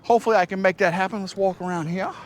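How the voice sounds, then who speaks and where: A man's voice: high-pitched, fairly even intonation, rapid-fire. A man giving a rambling, folksy walking tour of his wooded homestead and teasing his rooster along the way. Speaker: homestead vlogger. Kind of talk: casual walk-and-talk tour.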